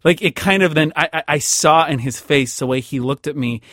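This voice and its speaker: A man's voice: a little high, brisk, fairly bright tone, no room sound. A man recounting a personal story with lots of stammers and repeated words, acting out what others said. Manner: stammers and repeats words, acts out quoted voices. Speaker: interviewee telling a personal story. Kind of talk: emotional first-person storytelling. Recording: dry close studio sound.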